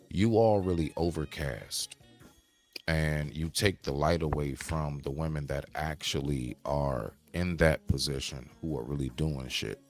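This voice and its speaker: Very deep-voiced man ranting to viewers. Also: vocal fry, fairly bright tone. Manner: preachy, rhetorical questions to viewers. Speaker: commentary streamer. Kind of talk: reaction video commentary.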